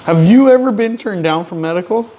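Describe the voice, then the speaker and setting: A man's voice: sits high, expressive, brisk, mellow. A man co-hosting a podcast, joining the casual chat with short questions.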